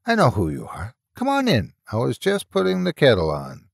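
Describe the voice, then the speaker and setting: A man voicing a very old, kindly British woman with a thick rural accent and a high, squawking voice, read as a horror story. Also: huge pitch swings, slow, no echo, studio quality, exaggerated voice. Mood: friendly. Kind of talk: storytelling narration.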